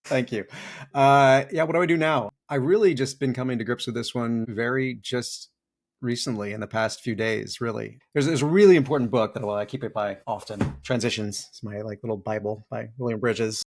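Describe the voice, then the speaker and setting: A man's voice: mid-range voice, a little fast. A middle-aged man with a mid-range voice talks as a podcast guest, thoughtful and open. He tells his stories with energy and slips into playful voices when quoting people. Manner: animated storytelling with playful acted-out quotes. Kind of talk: reflective interview talk.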